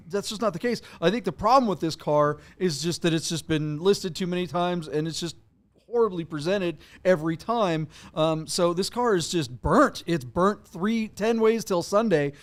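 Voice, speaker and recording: A man's voice: high voice, animated, moderate pace. A man co-hosting a casual car auction podcast, rambling and correcting himself with lots of fillers. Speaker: podcast co-host.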